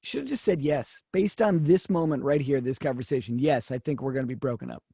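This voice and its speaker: A man with a raspy voice in casual podcast chat, tossing in dry jokes. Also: mid-range voice, a little fast, mellow, no room sound.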